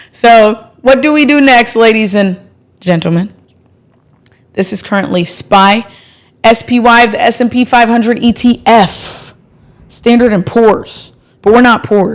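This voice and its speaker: Young woman who hosts a casual live trading stream. Chatty and playful, gets excited easily. Mid-range voice. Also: mid-range voice. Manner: chatty and playful, thanks subscribers, bursts of excitement. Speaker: livestream trading host.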